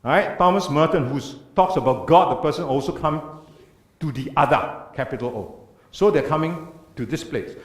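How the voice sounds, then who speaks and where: Lively, emphatic man lecturing in a church. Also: a little high. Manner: earnest, emphatic lecturing with rhetorical questions. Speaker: speaker. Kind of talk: church talk. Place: church hall. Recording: echoey church room.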